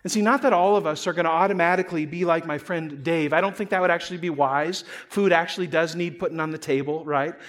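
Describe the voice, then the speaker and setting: A pastor delivers a relaxed sermon in a notably high voice for a man. He tells stories like he is chatting with friends and pokes fun at himself along the way. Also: fast, hardly any pauses. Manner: conversational storytelling, self-deprecating humor.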